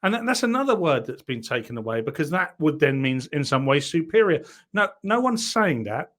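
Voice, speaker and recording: Male co-host, casual chat, argumentative, lively pitch swings, slightly high voice. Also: a little fast. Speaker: podcast co-host.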